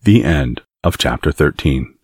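A man reading a novel aloud as an audiobook narrator, in a calm, measured way. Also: rumbling low, breathy edge, dry recording, clean studio sound. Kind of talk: scripted narration.

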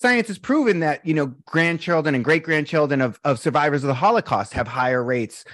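Guy, breathwork coach, fired-up storyteller, swears a lot, kinda high voice, dry close mic. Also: a little fast, no room sound. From Boston. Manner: animated storyteller, blunt, swears casually. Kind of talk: casual interview chat.

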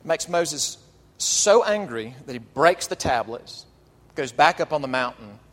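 A male pastor delivering an animated, emphatic sermon, drawing out key phrases. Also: fairly high pitch, unhurried. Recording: long reverb of a large hall.

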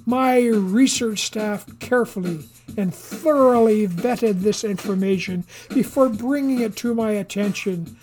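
A reader voicing a boastful male senator who speaks in a sonorous Texas twang and pitches his voice higher for speechmaking. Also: unhurried, few pauses, a little mellow, faint music behind, close to an everyday voice. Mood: grandstanding. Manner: raised pitch, grandstanding speechmaking. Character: boastful male Texan senator, showy and self-satisfied.

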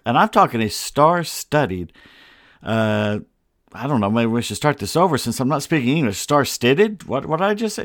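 A man's voice: mid-range voice, fairly bright tone, dry recording, studio quality. A middle-aged man hosting a casual sports podcast from a home setup, talking in a rambling, wry way with self-deprecating asides. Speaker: podcast host.

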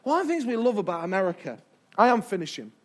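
Man, very high voice, sermon, emphatic, stretched-out key words, talks to the congregation. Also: sing-song, quick pace. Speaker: preacher. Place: church before a live congregation.

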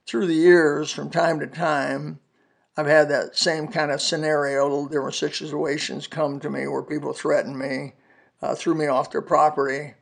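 Earnest and folksy, a seventies-aged podcast preacher recounts his testimony in a sermon, citing scripture as he goes. His voice is gravelly and raspy and sits slightly high for a man.

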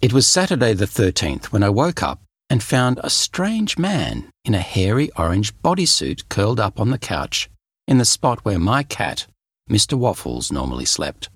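A man reading a children's story aloud in a lively, expressive way. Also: fairly low pitch, moderate pace, husky, no echo, clean studio sound. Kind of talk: scripted children's story narration.

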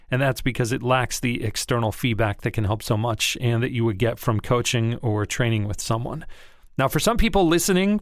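A man's voice: mid-range voice, no echo, studio quality. A man who coaches voiceover, talking through practice tips in a conversational, encouraging way and stressing key words. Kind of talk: instructional talk to camera.

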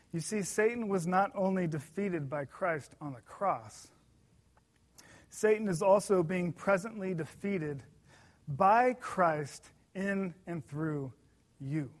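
A man preaching a sermon in an earnest, emphatic way, slowing down to stress key words. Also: sits high.

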